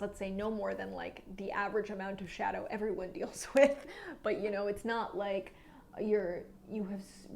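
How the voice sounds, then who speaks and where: A woman giving a monthly tarot reading, musing aloud with frequent restarts and fillers, sometimes dropping into soft near-whispers. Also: mid-range voice, creaky, slight background noise. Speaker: tarot reader.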